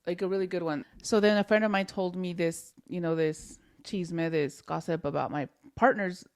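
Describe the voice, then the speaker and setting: A young woman co-hosting a podcast, telling a personal story in a candid, animated way, with many restarts and the odd Spanish word. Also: lowish voice, normal speed. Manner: animated, restarts often, mixes in Spanish words. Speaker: podcast co-host.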